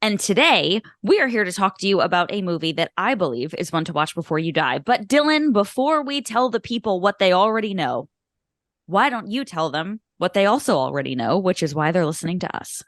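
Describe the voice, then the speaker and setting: A woman's voice: lowish voice, animated, brisk, dry recording, studio quality. A woman in her thirties co-hosting a film podcast, chatting casually with many fillers and self-mocking asides. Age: 30s. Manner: rambling, self-deprecating, lots of fillers. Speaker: podcast co-host. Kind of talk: casual chat.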